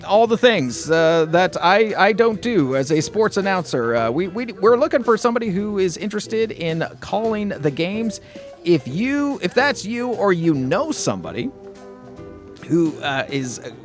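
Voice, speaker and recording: A man hosting a casual morning radio show, chatty and upbeat, rambling with fillers and restarts. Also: high voice. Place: radio studio.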